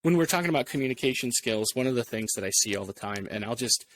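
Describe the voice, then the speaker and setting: A man's voice: mid-range voice, expressive, quick pace, a bit bright, a little hiss or hum. A man hosting a podcast interview, talking in a conversational way and telling stories from his own work and marriage. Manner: conversational, tells personal anecdotes. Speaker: podcast host.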